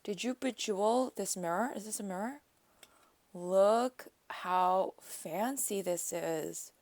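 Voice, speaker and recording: Slow-talking gushing woman craft vlogger. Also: mid-range voice, darkish tone, dry recording. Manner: gushing, exclamatory, chatty. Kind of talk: casual unboxing vlog.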